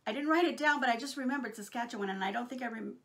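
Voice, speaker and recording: A middle-aged Texan woman chatting casually to her viewers, rambling warmly with many fillers. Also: fairly high pitch, rapid-fire. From Texas, USA. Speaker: crafting vlogger.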